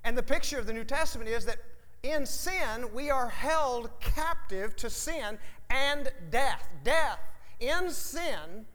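A man's voice: very high-pitched, lively intonation, slow, sharp tone. A man preaching a sermon as pastor, folksy and emphatic, with jokes for the congregation. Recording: reverberant hall.

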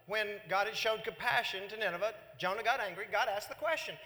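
Male pastor mid-sermon, lively delivery, very bright tone. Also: sits high, a little fast, hardly any pauses, big-room sound. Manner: animated preaching, voices God and Jonah in quotes.

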